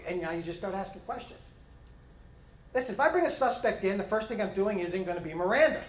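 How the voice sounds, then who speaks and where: A middle-aged man gives a conference talk to police officers at a quick clip. He is animated and acts out snippets of interview dialogue. His voice rings around a roomy hall. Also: high voice. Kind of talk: conference presentation.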